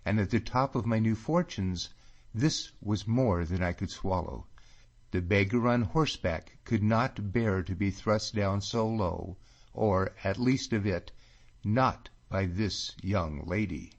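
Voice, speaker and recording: A man narrating an audiobook in a measured, unhurried reading. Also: on the low side.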